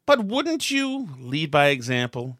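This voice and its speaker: A man's voice: on the high side, big pitch swings, measured pace, a bit bright, no room sound, clean studio sound. A man hosting a political talk show, ranting with sarcastic exasperation. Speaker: host.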